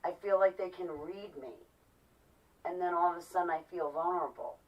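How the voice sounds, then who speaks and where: A woman with a lowish voice speaks in an impassioned, emphatic monologue. She sits some way off from the microphone, and the sound is dull and lo-fi. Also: brisk. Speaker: vlogger. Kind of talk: personal monologue. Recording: distant mic, dull lo-fi sound.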